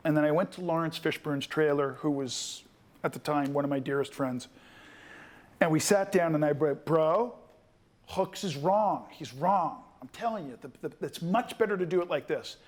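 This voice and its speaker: An animated man in his fifties tells a story with a fairly high voice. He jumps in and out of quoted voices as he talks to a room of students. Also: moderate pace. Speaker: guest actor.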